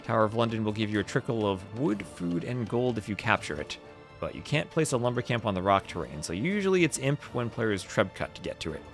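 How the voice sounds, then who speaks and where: A man's voice: fairly low pitch, very animated, brisk. A young man from New Jersey with a New Jersey accent, casting a strategy game live and chatting with viewers between plays. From New Jersey, USA. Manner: chatty, answers chat between play calls, laughs often. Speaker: game caster. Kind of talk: live-stream game commentary. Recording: game music behind the voice. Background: game music.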